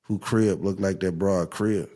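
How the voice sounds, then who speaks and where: Low, dark-voiced man in profane rant. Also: unhurried. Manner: animated, profane storytelling with mocking rants. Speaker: podcast host. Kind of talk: casual chat.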